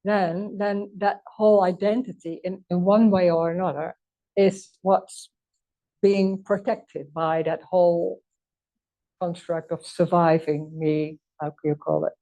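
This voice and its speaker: Earnest woman teacher, mellow voice. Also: lowish voice, little pitch movement, measured pace. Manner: earnest, emphatic, non-native phrasing. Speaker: spiritual teacher. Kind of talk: teaching in conversation. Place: meeting room.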